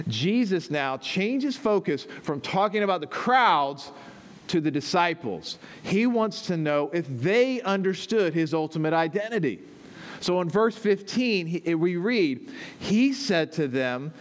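A man's voice: on the high side, sing-song, unhurried. A man, the pastor, preaching a teaching sermon, explaining step by step and checking in with his listeners as he goes.

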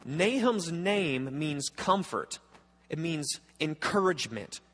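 A man's voice: fairly high pitch, sing-song, slow, a bit bright, long reverb tail. A man preaching a sermon as a pastor, earnest and emphatic, often restarting and repeating words.

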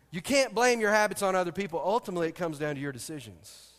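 A man's voice: high voice, sing-song, fairly quick, a bit bright. A middle-aged man preaching a sermon as pastor, telling stories, asking the congregation questions and adding joking asides. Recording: long hall reverb.

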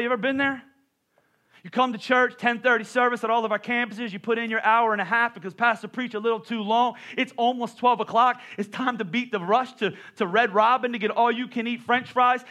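A middle-aged man preaches a sermon at a quick clip, his voice bright and fairly high. He tells everyday stories with animated asides aimed at the congregation. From Pennsylvania. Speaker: pastor.

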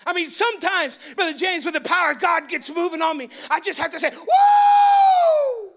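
A man preaching a sermon in a church, excitable and loud, his voice rising into yelling. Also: very high-pitched, fast, gravelly, noisy background. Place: church sanctuary.

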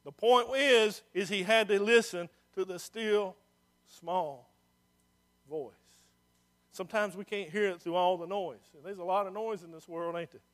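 High, bright-voiced preaching man. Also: fairly even intonation, a little fast, hardly any pauses. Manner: swings from hushed to loud and emphatic. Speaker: pastor. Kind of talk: sermon.

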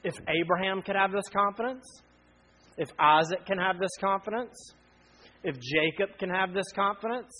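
A man in his thirties preaching a sermon, earnest, with frequent pauses that build to emphatic appeals. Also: sits high, pushed and bright, rough recording. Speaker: pastor.

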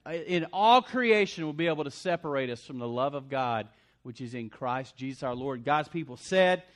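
A man preaching a sermon as pastor, swinging between loud punchy lines and quiet asides. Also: mid-range voice, lively intonation, normal speed.

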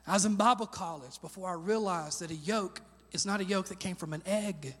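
A man preaching a sermon as pastor, animated, rising to shouts on key lines and asking the congregation to repeat words after him. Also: high voice, a little fast, few pauses, slightly rough, big-room sound.

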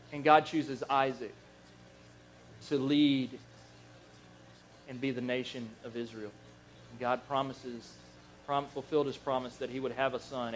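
A man preaching a Bible lesson, telling the stories in a lively, animated way and acting out the figures he quotes. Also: mid-range voice. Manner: animated storyteller, acts out quoted voices, chuckles. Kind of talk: Bible teaching sermon.

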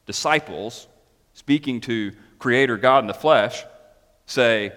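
A man preaching a sermon, animated and emphatic, mixing scripture reading with chatty asides and questions to the congregation. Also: medium pitch, slow. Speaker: pastor. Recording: long hall reverb.

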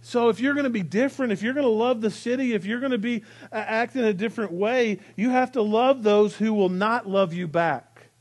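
A male pastor preaching a sermon in a church, swinging between emphatic lines and soft, hushed repetitions. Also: high voice, brisk, hardly any pauses. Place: church sanctuary.

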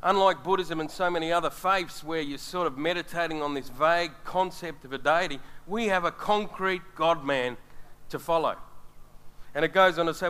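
A man's voice: on the high side, moderate pace, sharp tone, clear, resonant tone. A middle-aged man preaching a sermon, earnest and speaking straight to his congregation. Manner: earnest, addresses the congregation directly.

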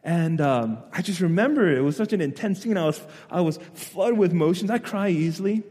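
High-voiced man preaching in a hall. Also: fairly quick. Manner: animated storytelling, voices quotes, builds to loud emphatic preaching. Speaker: pastor. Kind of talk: sermon.

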